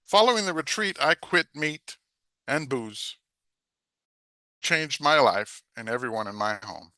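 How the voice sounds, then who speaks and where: Older man reading poetry slowly. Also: mid-range voice, pushed and bright, dry recording. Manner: slow, hesitant between poems. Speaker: open mic performer. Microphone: video call.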